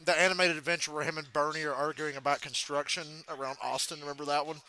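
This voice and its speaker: A man casually chatting while streaming a live reaction, retelling stories with big yelled quotes and frequent laughter. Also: fairly high pitch, quick pace. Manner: animated storyteller, yells quoted rants, laughs often.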